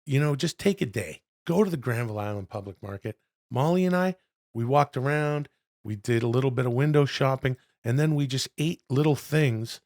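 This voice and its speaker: A middle-aged man with a gravelly, fried edge to his voice chats loosely on a podcast. He swears freely and tells rambling stories. The sound is close and dry. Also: mid-range voice, normal speed, no echo. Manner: loud, profane storytelling with bursts of excitement. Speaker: podcast co-host. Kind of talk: casual podcast chat.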